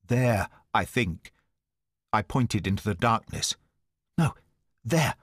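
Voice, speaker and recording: A man's voice: fairly low pitch, animated, slow pace, a bit bright, slightly rough, no room sound, studio quality, exaggerated voice. A man voicing a loyal, anxious male companion in an audiobook reading, asking breathless, alarmed questions. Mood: hesitant.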